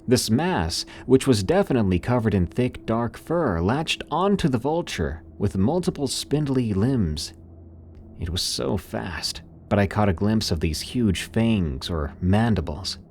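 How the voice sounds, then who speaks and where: A man's voice: lowish voice, sing-song, a little slow, darkish tone, slight background noise. A man narrating a first-person horror story in a dramatic, suspenseful storytelling manner.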